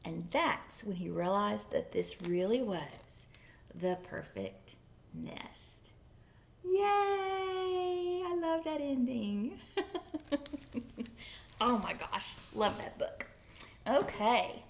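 Librarian lady doing story time, slow easy reading, gravelly voice, bouncy tone. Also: mid-range voice, slight background noise. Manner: animated, playful, whispering asides. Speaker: children's librarian. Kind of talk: story time read-aloud.

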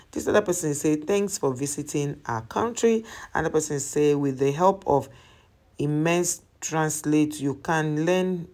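A host talks casually through a list of viewer comments. Each comment is read aloud and then explained in plain, chatty terms. The voice sits at a middle pitch. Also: darkish tone. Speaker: travel channel host.

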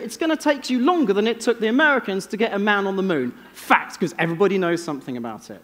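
English man, keynote speaker, dry self-mocking stories, slightly high voice, long hall echo. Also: lively intonation, fast talker, few pauses, a bit bright. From England. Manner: wry, self-deprecating storytelling. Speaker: conference speaker. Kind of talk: keynote talk. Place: conference stage. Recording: long reverb of a large hall.

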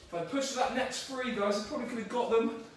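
A man's voice: extremely high pitch, fast, slight background noise. A male fitness trainer leading a live workout, upbeat and coaching, counting reps aloud. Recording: echoey room, mic far off.

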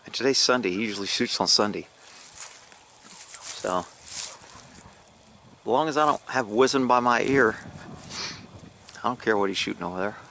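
A man's voice: on the low side, a little slow, gravelly, pauses often, sharp tone, a little hiss or hum. A middle-aged man telling a rambling, casual story outdoors into a handheld phone, swearing freely and laughing at himself. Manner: chatty, swears casually, laughs at own stories. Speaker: vlogger, horse owner.

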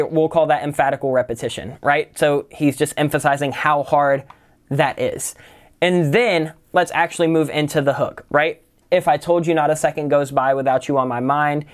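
A man teaching songwriting, casually walking through a song's lyrics line by line and explaining its rhymes and syllable structure. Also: on the high side. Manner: analytical, breaks lyrics down line by line; casual, uses "kind of" and "right?" often. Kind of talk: lyric-writing tutorial.

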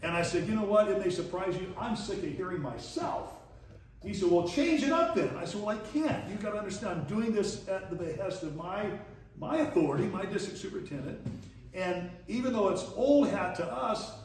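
Folksy preacher in an echoey hall. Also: male voice, sits high, fairly quick, a little mellow, a little hiss or hum. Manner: folksy, chuckling storyteller voicing dialogue. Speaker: pastor teaching leadership. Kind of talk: storytelling sermon lesson. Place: church hall. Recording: echoey distant church room recording.

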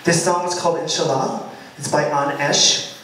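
A high-voiced man tells an animated story to a crowd at a loft party, acting out every line of the exchange. He sounds set back from the mic, and the room rings with a heavy echo. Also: normal speed, slight background noise. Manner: animated, dramatic retelling with quoted shouts. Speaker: singer telling a story before his song. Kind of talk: storytelling to a live audience. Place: party loft at a bookshop, live event. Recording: roomy, distant live-venue mic.

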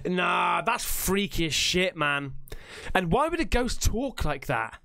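A man's voice: sits high, takes it slowly, vocal fry, no room sound, clean studio sound. A young English man hosting a reaction video, swearing and joking in casual banter. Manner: excitable, swearing, jokey banter.

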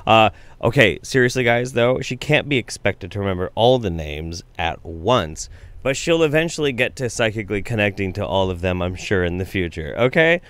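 A man's voice: on the low side, moderate pace, a bit bright, no room sound. A man doing sarcastic, mocking reaction commentary, swearing freely. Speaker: commentary YouTuber.

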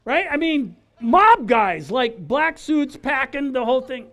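A middle-aged man tells his personal testimony at an outdoor church gathering in a high-set, expressive voice. His delivery is loose and conversational, and he acts out the people in his stories. He keeps checking in with the crowd as he goes. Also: unhurried, hardly any pauses. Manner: animated, conversational, acts out quotes, frequent "right?". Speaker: guest speaker giving testimony. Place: outdoor church service in a park.

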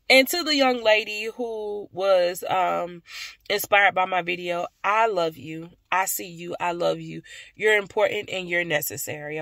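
A young woman talks casually to her viewers, calling them y'all with warm affection. Her voice has a gravelly, creaky texture, and she sounds worn out after work. The recording is dry and close, with no room sound. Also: lowish voice, no room sound. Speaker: vlogger. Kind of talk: casual vlog chat to viewers.

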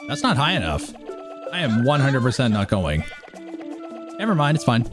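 A man's voice: mid-range voice, very animated, moderate pace. Man muttering through a speedrun. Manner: talks to himself while playing, wry and self-mocking. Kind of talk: live gameplay commentary. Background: game music.

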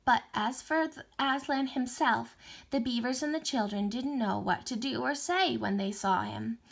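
A woman teacher reading a novel aloud for distance learning, expressive, with small slips and restarts. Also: a little high, vocal fry, husky.

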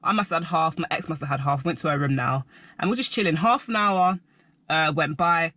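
A young man telling a rambling personal story to camera, animated and full of filler words. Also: on the high side, brisk, dry recording. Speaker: vlogger.

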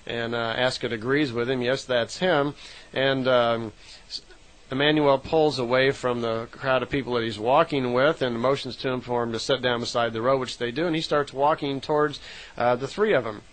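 A man's voice: mid-range voice, normal speed, poor audio. Man casually retelling a long story. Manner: relaxed retelling with frequent fillers and self-corrections. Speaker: lecturer retelling a contact story.

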